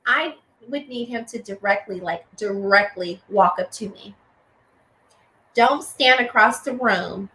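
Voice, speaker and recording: A woman hosting a podcast in casual chat, animated, laughing often and acting out greetings. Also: mid-range voice, unhurried. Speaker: host. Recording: roomy echo, faint noise.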